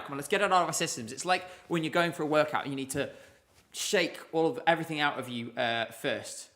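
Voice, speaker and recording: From his desk in a home room with laptops, a man hosts a casual live stream, chatting with viewers in a rambling way. His voice is medium-pitched and fairly bright, at a moderate pace.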